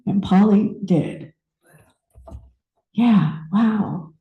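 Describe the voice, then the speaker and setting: A woman's voice: mid-range voice, reverberant, narrow, tinny audio. Reflective woman telling a personal story. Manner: conversational, reflective, with pauses and restarts. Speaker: speaker at a spiritual center.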